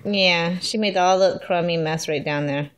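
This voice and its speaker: A woman's voice: on the low side, moderate pace, a little hiss or hum. A mother talking to her baby in a home video, coaxing and teasing in playful sing-song baby talk.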